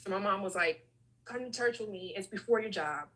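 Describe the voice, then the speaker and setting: A woman on a video call telling a story in a casual, animated way, acting out the lines of people in it. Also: medium pitch, a little fast, low-quality recording. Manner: animated, acts out dialogue in her stories.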